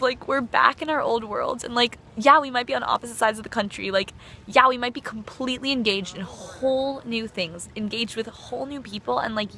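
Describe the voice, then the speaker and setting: Young woman rambling into her phone, bright and kinda high, lots of likes and ums, faint hiss. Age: young adult. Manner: rambling, filler-heavy, effusive. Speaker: friend sending a birthday message. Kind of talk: heartfelt personal video message.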